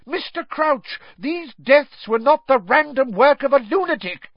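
A man's voice: very high-pitched, animated, measured pace, dry recording, pitched above the performer's own voice, exaggerated voice. A man voicing a stern older female professor who cries out fiercely. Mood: furious. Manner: fierce, crying out. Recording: dry, dull lo-fi recording.

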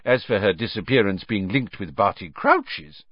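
A man's voice: lowish voice, expressive, moderate pace, no echo, dull audio. A man voicing a pompous, flustered middle-aged male government minister who blusters emphatically. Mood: blustering.

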